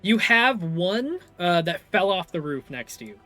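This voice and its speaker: Game master guy, really lively pitch, bright voice, fixes his own rulings as he goes, soft music behind. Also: no echo. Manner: animated, quick self-corrections. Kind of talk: narrating a tabletop game.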